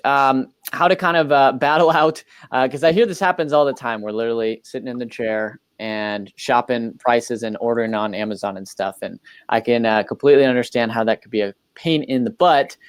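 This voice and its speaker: A man's voice: mid-range voice, dry recording. A man hosting a business talk show, upbeat and loose, with lots of fillers. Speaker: podcast host.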